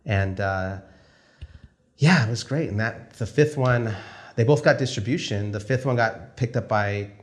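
Lowish-voiced man telling a lively story. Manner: animated, acts out dialogue in quick quoted exchanges. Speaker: film director. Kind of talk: casual storytelling interview.

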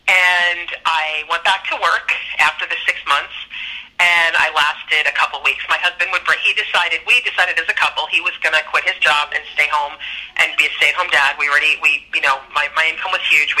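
A woman's voice: sits low, pushed and bright, poor audio. A middle-aged woman telling a personal story as a podcast guest, speaking in an earnest, reflective and emphatic way.

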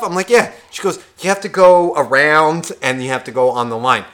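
Casual podcast co-host, male, bright and pushy tone, profane and animated storyteller. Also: high voice, brisk. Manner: animated, swears a lot, acts out other people's lines. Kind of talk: casual chat, comic storytelling.

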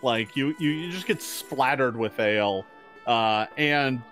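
A man's voice: medium pitch, measured pace, faint music behind. A man narrating a tabletop game as game master, with many fillers and restarts. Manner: hesitant, many fillers, animated.

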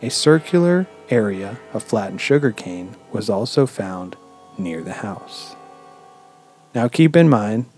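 A man hosting a podcast, telling a story in a relaxed, chatty way with lots of "um"s and casual swearing. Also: fairly low pitch, takes it slowly, faint music behind. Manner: relaxed, swears freely, many "um"s. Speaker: podcast host.

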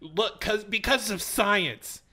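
A man talks in loose casual chat, riffing bluntly and swearing freely. His voice sits slightly high with a bright, forward edge. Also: slow, husky.

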